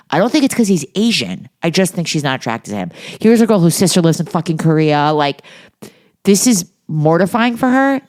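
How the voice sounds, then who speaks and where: A woman's voice: low voice, brisk. A middle-aged woman co-hosting a podcast, telling gossipy, profane stories in casual chat. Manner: gossipy, profane, animated storytelling. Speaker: podcast co-host.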